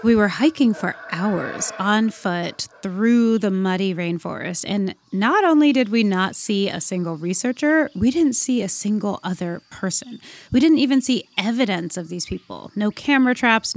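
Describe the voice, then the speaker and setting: A woman's voice: mid-range voice, measured pace. A woman telling a personal story in a reflective, conversational way, with frequent fillers. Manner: reflective, uses many fillers like "like" and "you know".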